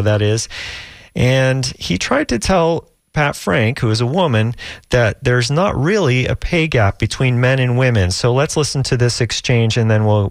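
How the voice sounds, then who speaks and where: A male radio talk show host who speaks in a halting way, full of restarts and filler words. His voice sits at a middle pitch and is recorded dry and close, with no room sound. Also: dry recording. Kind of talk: call-in radio interview.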